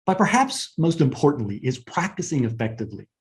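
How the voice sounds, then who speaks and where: A man giving a webinar lesson on presentation skills in a conversational way, often asking "right?" and pausing to stress points. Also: mid-range voice, sing-song.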